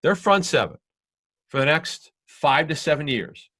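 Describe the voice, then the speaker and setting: A man's voice: fairly high pitch, sing-song, a little slow, bright, forceful tone. A man co-hosting a sports talk show, giving emphatic football analysis and often restarting his sentences.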